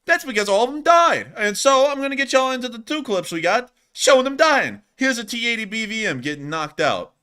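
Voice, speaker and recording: A man hosting a live-stream war commentary, excited and joking, often laughing. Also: very high voice, a little fast, hardly any pauses, clean tone. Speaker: host.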